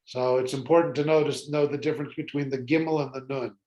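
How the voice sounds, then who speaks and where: A rabbi teaching a beginners' Hebrew class, patiently sounding out letters and slipping in jokes. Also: male voice, mid-range voice, fairly even intonation, quick pace, a little mellow, roomy sound, dull audio.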